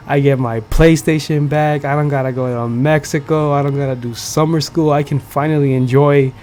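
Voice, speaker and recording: A man's voice: fairly high pitch, fairly even intonation, normal speed, darkish tone, a little hiss or hum. A young man from the United States hosting a podcast, telling a casual story in slangy, profane talk full of fillers. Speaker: podcast host. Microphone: streaming setup.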